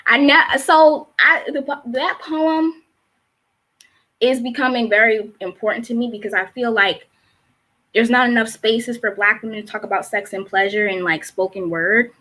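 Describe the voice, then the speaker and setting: A woman's voice: on the high side, fairly even intonation, moderate pace, bright, forceful tone. A woman in her twenties with a Baltimore accent, a spoken word poet with a rhythmic, emphatic delivery on a live-streamed show. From Baltimore, USA. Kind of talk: spoken word performance and casual chat. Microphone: streaming on a live online show.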